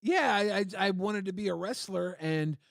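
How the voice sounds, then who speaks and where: A man's voice: high-pitched, moderate pace, creaky, dry recording, studio quality. A man being interviewed on a live online show who tells his stories in a loose, rambling way full of fillers. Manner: rambling, relaxed storyteller with many fillers. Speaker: interview guest. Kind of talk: casual live-stream interview.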